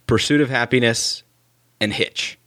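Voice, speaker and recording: A man on a team in a casual podcast trivia game, dropping wry deadpan quips. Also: mid-range voice, measured pace, no room sound, studio quality. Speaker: quiz contestant.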